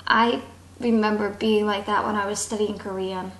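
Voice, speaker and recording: A young woman telling a casual travel story, animated and acting out the voices of the people in it. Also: medium pitch, moderate pace, echoey room, a little hiss or hum. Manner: animated, acts out quoted voices. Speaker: vlogger.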